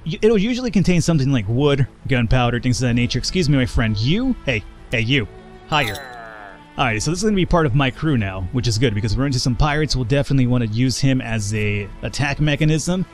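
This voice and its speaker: A man narrating his own gameplay with a lively, bouncing pitch that shoots up when things go wrong. He swears casually, laughs a lot, and slurs a little, as if he's had a drink. Faint background music plays beneath his voice. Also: fast talker. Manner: excitable, profane, jokey, laughs often. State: tipsy, slurring a little. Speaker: gaming channel host. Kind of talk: let's play commentary.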